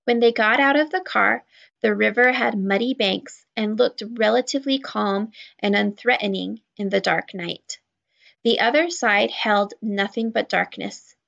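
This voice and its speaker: A woman reading a children's novel aloud in a steady, even storytelling voice. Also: medium pitch, unhurried, vocal fry, dull audio. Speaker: children's book reader. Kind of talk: read-aloud narration.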